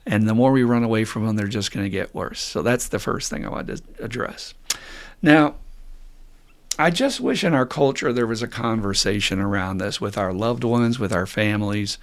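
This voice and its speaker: A middle-aged man hosting a podcast as a therapist, talking candidly and bluntly with some swearing, getting loud and animated when he makes a point. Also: moderate pace. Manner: animated, rising loud and high when mimicking people. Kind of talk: casual podcast monologue.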